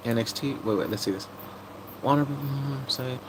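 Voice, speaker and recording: A man's voice: mid-range voice, normal speed, noisy background. A man chatting casually on a live stream, muttering asides to himself as he reads entertainment and gaming news aloud.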